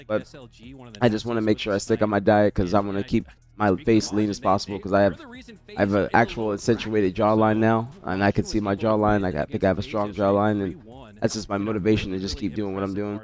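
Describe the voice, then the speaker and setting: Stuffy-nosed guy streaming, rambly and laid back, talks to chat, lowish voice. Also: little pitch movement, a little fast, darkish tone. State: congested from a cold. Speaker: streamer hosting a watch party. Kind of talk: casual stream chat reading chat messages.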